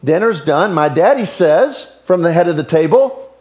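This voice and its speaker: A male pastor preaching a sermon, telling stories in an animated way that swings between loud and hushed. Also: on the high side, moderate pace.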